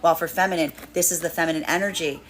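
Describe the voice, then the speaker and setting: A woman's voice: sits low, fairly even intonation, fast talker. A woman giving a flowing, spiritual tarot card reading, repeating phrases as she talks through the cards. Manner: flowing, spiritual, repeats phrases while acting out inner voices. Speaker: tarot reader.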